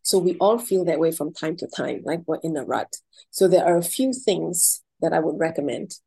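A woman's voice: deep voice, moderate pace, gravelly, slightly rough, rough recording. A woman speaking as a guest, giving inspirational advice and telling stories with acted-out dialogue. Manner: animated, acts out dialogue in a story. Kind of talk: inspirational talk with storytelling.

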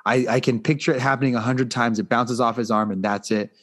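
A man's voice: medium pitch, fairly even intonation, a little fast, a bit bright. A man co-hosting a casual sports talk show, ranting in a fired-up, profane way. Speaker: podcast co-host.

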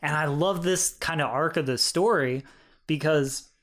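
A man co-hosting a casual podcast, retelling a documentary with animated quotes and frequent laughter. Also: a little high, unhurried. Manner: animated storyteller, acts out quotes, laughs often. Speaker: podcast co-host. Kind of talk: casual chat reviewing a documentary.

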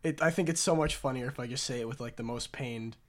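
A man's voice: mid-range voice, fast talker. A man hosting a casual podcast, joking crudely and rambling with frequent restarts. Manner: rambling, joking, often trailing off. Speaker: podcast host.

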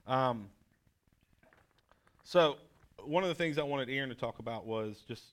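A man's voice: mid-range voice, measured pace, fairly bright tone. Joking, self-deprecating male pastor. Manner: jokey and self-deprecating, asks questions. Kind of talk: conversational sermon with his wife. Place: church room with a group.

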